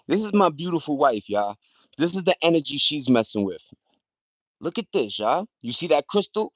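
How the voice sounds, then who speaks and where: A man chatting loosely on a livestream, using street slang and shouting out viewers by name. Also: medium pitch, no room sound, muffled recording. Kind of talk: casual rambling livestream chat. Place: at home in the countryside, partly outdoors.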